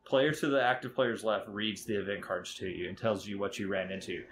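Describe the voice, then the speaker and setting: A man's voice: fairly low pitch, steady tone, a little fast, a bit bright, a little hiss or hum. A man hosting a casual board game podcast, talking enthusiastically and rambling with many fillers. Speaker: podcast host.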